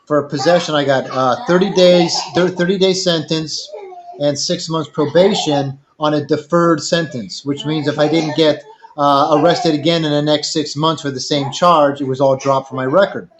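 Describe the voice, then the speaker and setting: A man's voice: fairly high pitch, fairly even intonation, normal speed, background noise. An older man casually telling a long, rambling personal story, acting out the other people in it. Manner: rambling anecdotal, quotes others in dialogue. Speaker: storyteller guest.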